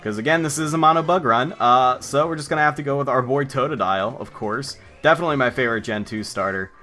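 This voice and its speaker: A man's voice: medium pitch, fast talker, few pauses, sharp tone, faint music behind. Sarcastic young man commentating a game. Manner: sarcastic, jokey, talks back to game characters. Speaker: let's play commentator. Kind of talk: casual gaming commentary.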